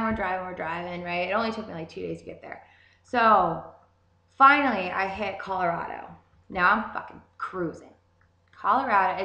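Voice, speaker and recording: Young woman, vlogger, casual storytelling, profane, animated, roomy echo. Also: on the low side. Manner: profane, animated, swears constantly.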